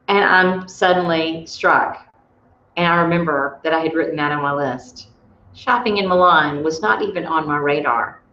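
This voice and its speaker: A woman's voice: lowish voice, fairly bright tone. A woman leading a motivational workshop, telling personal stories in a chatty way with frequent restarts. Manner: chatty, storytelling, restarts often. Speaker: workshop leader. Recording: roomy, dull audio.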